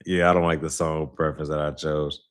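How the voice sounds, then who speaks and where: A man's voice: a bass voice, flat delivery, a little fast, clean tone. A young man from Saint Louis hosting a casual livestream, chatting loosely with viewers in slangy, rambling talk. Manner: loose slangy talk, chatty, lots of "you know what I'm saying". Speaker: livestream host.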